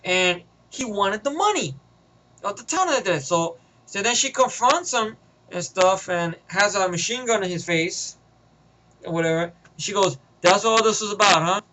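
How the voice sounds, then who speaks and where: एक आदमी अपनी फ़िल्म की कहानी बिखरे, बेलौस, गालियों भरे अंदाज़ में सुनाता है, बीच-बीच में "उह", "लाइक" जैसे भराव शब्दों के साथ।. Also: male voice, high-pitched, expressive, measured pace, bright, forceful tone, rough recording. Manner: rambling, profane, filler-heavy. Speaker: vlogger. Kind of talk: casual retelling of a movie idea.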